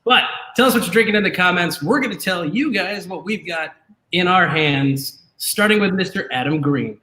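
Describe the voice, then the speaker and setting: A man's voice: high-pitched, expressive, normal speed, pushed and bright. A man hosting a live drinking show, joking and teasing his co-hosts with lots of energy. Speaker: podcast host. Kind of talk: live-stream casual chat. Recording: echoey room.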